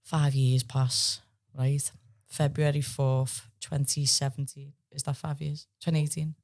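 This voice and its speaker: A woman in her thirties with a Liverpool accent, a podcast guest telling stories in a casual, lively chat and swearing freely. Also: rumbling low, measured pace. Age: 30s. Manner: lively, swears freely, acts out quoted voices.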